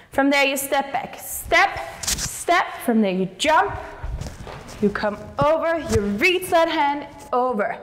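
Slow-talking woman teaching a dance class. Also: high-pitched, fairly bright tone, long reverb tail, a little hiss or hum. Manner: counts steps aloud while dancing.

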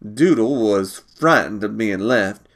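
A man reading a short story aloud, measured and unhurried. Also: on the low side, lively intonation.

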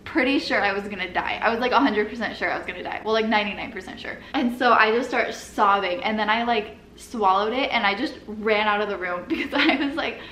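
A woman's voice: mid-range voice, brisk, few pauses, pushed and bright. A young woman telling a personal story in a casual, chatty way, filling her talk with "like" and nervous little laughs. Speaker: vlogger. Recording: echoey room with faint noise.

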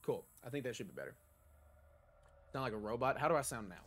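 On a desk mic at his home setup, a young gaming streamer talks fast in a sing-song, mid-range voice. He chats casually while playing a video game live and answers questions from viewers.

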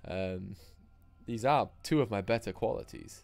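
A man's voice: lowish voice, big pitch swings, normal speed, gravelly, darkish tone, no room sound. A man giving sweary, rambling, self-mocking commentary while streaming a game live. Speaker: gaming streamer.

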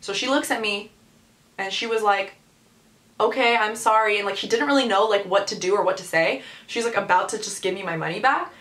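A young woman vlogger telling a story, animated and exasperated, with lots of "like.". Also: mid-range voice, a little fast. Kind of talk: storytime vlog. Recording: echoey room.

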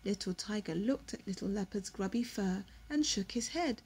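A young woman reading a picture book aloud to her toddler at home, slow and expressive, with gasps and whispered asides. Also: medium pitch, breathy edge.

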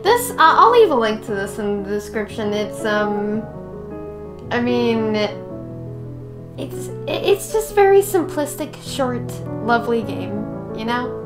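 A woman with a raspy, fairly high voice talks through a short game in an unhurried, playful way. She rambles and pokes fun at herself, and game music plays clearly behind her. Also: sing-song. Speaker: gaming channel host. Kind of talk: casual let's-play commentary.

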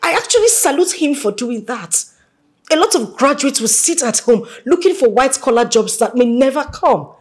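A headstrong young daughter in a film drama, arguing and pleading with raw emotion. Her breathy, fairly high voice rises and falls over a wide range. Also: very animated, moderate pace. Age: young adult.

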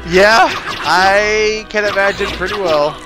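A man's voice: high voice, slow pace. A man co-hosting a game playthrough, reacting enthusiastically in casual chat. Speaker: co-host. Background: game music.

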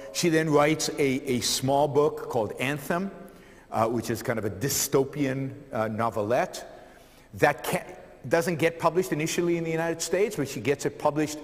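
A man giving a public lecture to a live audience, telling a life story energetically, with many fillers and repeated words. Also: medium pitch. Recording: long hall reverb.

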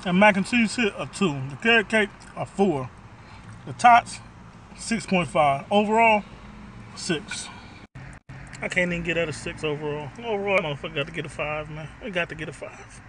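A man's voice: high voice, normal speed, a bit bright, slight background noise. A man doing a casual food review vlog from his car, talking bluntly and profanely as he rants about the food.

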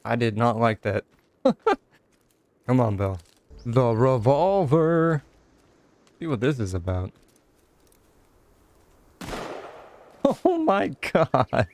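A young man giving casual let's-play commentary, excitable, exclaiming and chatting to an in-game companion. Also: medium pitch, slow pace, long pauses. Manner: excitable, talks to companion character, frequent laughs and exclamations. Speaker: gaming channel host.

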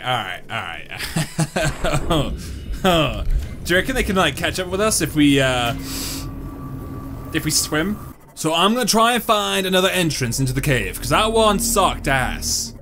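Excitable swearing gamer man. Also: on the high side, normal speed. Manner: excitable, swearing, talks back to the game. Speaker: gaming channel host. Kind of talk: live gameplay reaction commentary. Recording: game music underneath.

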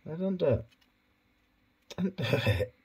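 A man talking softly and coaxingly to his pet hedgehog in a casual vlog. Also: sing-song, measured pace, vocal fry, breathy edge. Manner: soft, coaxing, low-key murmuring to his hedgehog. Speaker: pet keeper vlogger.

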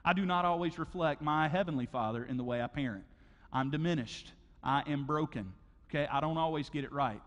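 A man preaching a sermon as pastor, conversational and animated, acting out stories with sound effects. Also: fairly high pitch, brisk, in a large hall. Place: church auditorium.

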